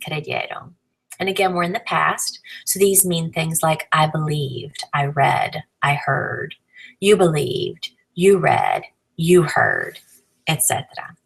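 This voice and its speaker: A woman with a low voice and a gravelly edge gives a recorded lesson. She explains grammar patiently, step by step, and spells out letters along the way. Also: low-quality recording. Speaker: Spanish teacher.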